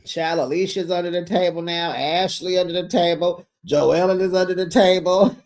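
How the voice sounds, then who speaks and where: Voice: medium pitch, fairly even intonation, normal speed, a little mellow. A host giving a casual recap of a reality show, sassy and gossipy, breaking into exclamations and laughs while retelling.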